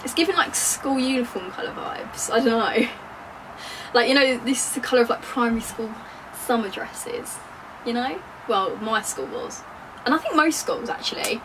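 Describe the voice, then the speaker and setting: A woman's voice: on the high side, expressive, normal speed, noisy background. A young woman chatting casually in a bubbly, giggly way while trying on clothes at home for her vlog. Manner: bubbly and giggly, joking with viewers. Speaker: fashion vlogger. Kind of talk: casual try-on haul chat.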